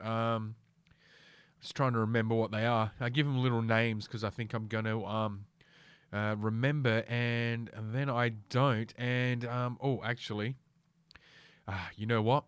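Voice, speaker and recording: A man's voice: lowish voice, fairly bright tone, clean tone, no room sound. A middle-aged man hosting a casual solo podcast, ranting in a profane, sardonic, rambling way from a home room. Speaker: podcast host.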